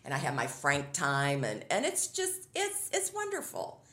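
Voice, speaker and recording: A woman's voice: low-pitched, huge pitch swings, a little slow, fairly bright tone, reverberant. A middle-aged woman talking casually as an interview guest, upbeat and chatty, often laughing as she tells stories.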